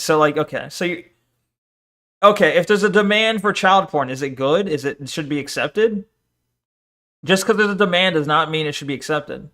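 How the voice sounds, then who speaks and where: A man's voice: fairly high pitch, moderate pace, bright, forceful tone. A man streaming, reacting to a video with profane, mocking rants. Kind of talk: casual reaction commentary.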